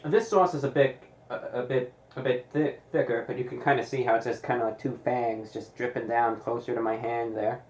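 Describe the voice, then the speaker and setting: A man reviewing pizza in a deliberate, casual way, with dry sarcastic asides. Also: mid-range voice, steady tone, a little mellow, reverberant, poor audio. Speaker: food reviewer.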